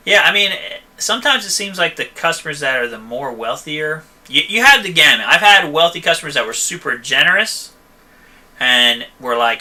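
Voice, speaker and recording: Bright-voiced, chatty male shop owner. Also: fairly high pitch, sing-song, a little fast. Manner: chatty, rambling, frequent "okay?" and "you know". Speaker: host answering viewer questions; van repair shop owner. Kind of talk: casual live-stream chat.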